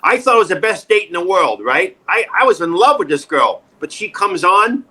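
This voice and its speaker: Man in his 60s, bright higher voice, animated storyteller; interview guest. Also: normal speed, breathy edge, rough recording. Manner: animated, acts out quoted voices loudly. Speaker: actor guest.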